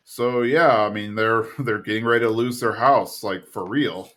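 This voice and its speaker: A man's voice: on the low side, a bit bright. A man co-hosting a podcast, casually retelling a cartoon episode and briefly mimicking the characters as he goes. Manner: rambling retelling with quick voice impressions. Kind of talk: casual chat.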